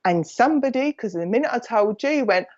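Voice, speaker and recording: Essex woman psychic medium, warm chatty rambler who bounces between thoughts, live stream with slightly dull lo-fi sound. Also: fairly high pitch, lively intonation, fairly quick. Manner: chatty and affectionate, calls people "my lovely".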